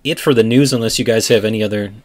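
A man's voice: on the low side, fast talker. Dry, wry man podcast host. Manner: dry, wry, moves the show along. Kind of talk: casual podcast chat.

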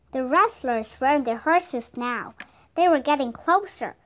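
A woman reading a children's chapter book aloud as a steady, careful narrator. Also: high voice. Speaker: storybook reader. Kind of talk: scripted narration.

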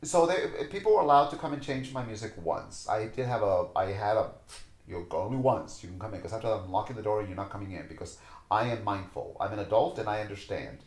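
A man's voice: on the low side, animated, quick pace, darkish tone, reverberant, low-quality recording. A man, a dancer and teacher, telling stories as a podcast guest with passion, acting out the people in them. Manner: passionate, acts out voices in his stories. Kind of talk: animated storytelling in conversation.

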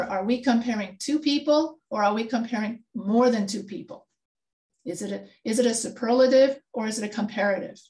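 A woman's voice: on the high side, a little mellow. A woman instructor leading an online grammar review, patiently quizzing students with questions. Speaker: writing instructor. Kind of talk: online class session.

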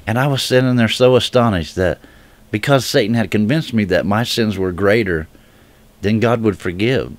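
A man giving an emotional personal religious testimony straight to viewers. He speaks earnestly and haltingly, often restarting his sentences. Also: fairly low pitch, no room sound. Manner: earnest direct appeal to viewers. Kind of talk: heartfelt personal testimony to camera.

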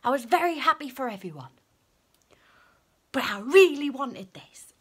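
Excitable high-voiced woman. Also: moderate pace, breathy edge. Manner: excitable and cheeky, swinging between gushing and hushed asides. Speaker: vlogger. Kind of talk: casual vlog chat.

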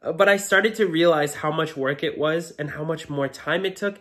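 A man's voice: a little high, normal speed, fairly bright tone. Earnest man, muffled with a cold. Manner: earnest and grateful, emphatic. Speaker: reptile-keeping video creator. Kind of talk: reflective year-in-review vlog.

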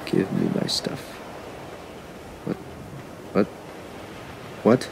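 Background noise accompanies a gaming YouTuber who talks very slowly as he plays. He comments casually, speaking to the creatures in the game and to his audience, and is often frustrated.

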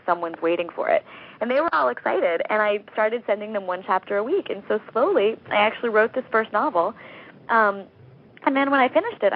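Chatty woman novelist on a tinny phone line. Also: mid-range voice. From United States. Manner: chatty, laughs often, many fillers. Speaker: novelist guest. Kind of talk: interview over a phone line.

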